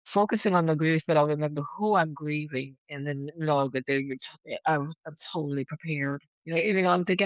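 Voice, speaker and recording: A woman guest on a podcast, talking in a halting, reflective way and often repeating herself as she searches for words. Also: deep voice, no echo, highs cut off. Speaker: podcast guest, yoga teacher. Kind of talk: casual conversation.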